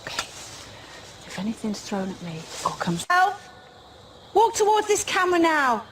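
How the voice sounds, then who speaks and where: A woman with a very high voice and big pitch swings talks at normal speed over a noisy background. Presenting a paranormal show alone among the trees at night, she whispers frightened calls to the spirits, jumpy and nervous, with flashes of uneasy humour.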